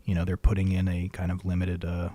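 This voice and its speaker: A man's voice: sits low, monotone, quick pace, dark tone. A man streaming a game, rambling wryly to fill dead air into a studio microphone. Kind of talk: casual livestream chat. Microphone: studio mic.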